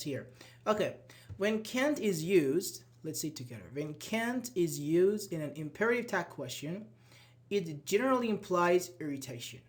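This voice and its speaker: Guy teaching english grammar, kinda high voice, patient, acts out annoyed examples. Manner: explains patiently, acts out irritated example lines. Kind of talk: live online grammar class.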